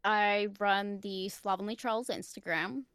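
A woman's voice: mid-range voice, fairly even intonation, a little slow, a bit bright, smooth, dry recording, studio quality. A woman co-hosting a casual podcast, easygoing and giving brief, agreeing replies. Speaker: podcast co-host.

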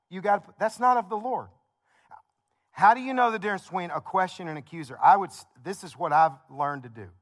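Male preacher, higher-pitched, chatty storytelling delivery with rhythmic repetition. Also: a bit bright. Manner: conversational storytelling preacher, builds with repeated phrases. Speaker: pastor. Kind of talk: sermon.

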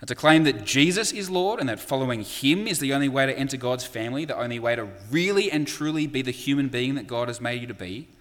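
Male preacher, middle pitch, chatty sermon delivery, fillers, reverberant church hall. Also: animated, fast, hardly any pauses, a bit bright. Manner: conversational, with frequent "uh" fillers and acted quotes.

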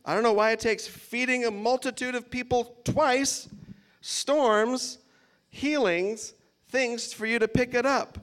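A man's voice: very high-pitched, steady tone, a little slow, a bit bright. A man preaching a casual sermon, reading scripture and adding playful asides with a laugh now and then.

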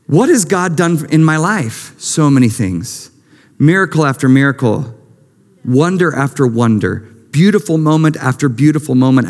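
A middle-aged man preaching a sermon as pastor, impassioned, moving between hushed and lifted delivery. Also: on the high side. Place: church sanctuary. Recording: long reverb of a large hall.

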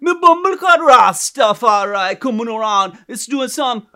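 A man's voice: very high voice, animated, unhurried, voice pushed up, exaggerated voice. A man mimicking a brash partygoer with a fake Jamaican accent. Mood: swaggering. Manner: loud, sing-song swagger.

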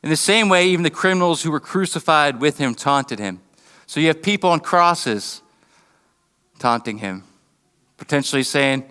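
A man preaching a sermon, earnest and halting, often restarting his words and briefly acting out mocking voices. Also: on the high side, animated, bright, forceful tone, smooth, long reverb tail. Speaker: pastor. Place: church building.

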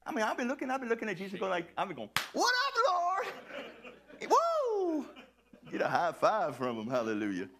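High, lively-voiced male preacher. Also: rapid-fire, creaky, hardly any pauses. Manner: animated, playful preaching that breaks into shouts and laughter. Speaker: pastor. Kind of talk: sermon.

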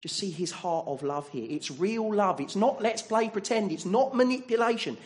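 A man's voice: high voice, normal speed. A man preaching a sermon in a church, earnest and asking the congregation many rhetorical questions.

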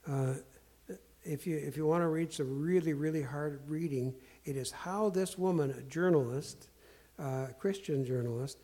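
A man telling candid stories in a self-deprecating, earnest way, halting often with fillers and restarts. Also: on the high side, mellow. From Portland area. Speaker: speaker sharing life lessons. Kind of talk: candid storytelling talk.

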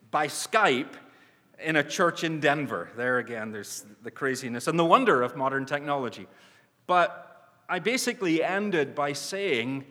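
A man's voice: a little high, pushed and bright. Earnest man preaching in a reverberant hall. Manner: earnest, emphatic, with frequent restarts. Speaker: mission speaker in church. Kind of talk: preaching address. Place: church.

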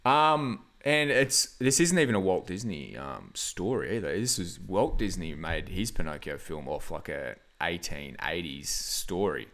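A man's voice: deep voice, animated, unhurried, few pauses, fairly bright tone. A man hosting a casual film review podcast, rambling with lots of fillers and frequent laughs. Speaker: podcast host.

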